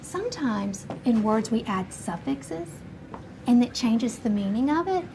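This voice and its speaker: A woman teaching a first grade class, slowly sounding out words and encouraging the children. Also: on the high side, animated, creaky. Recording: noisy classroom recording.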